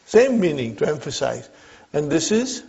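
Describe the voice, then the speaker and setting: A man teaching an Arabic grammar lesson to a class, slow and repetitive, often checking whether his listeners follow. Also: fairly high pitch, very animated, gravelly, a little mellow. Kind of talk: classroom lecture. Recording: dull lo-fi recording.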